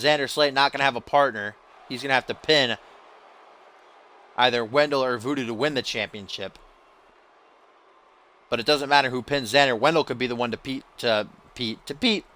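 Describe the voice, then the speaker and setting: A man's voice: medium pitch, moderate pace, pauses often, bright, forceful tone. A man doing casual play-by-play commentary over a wrestling video game, rambling and joking as he goes. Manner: joking, rambling, playful asides.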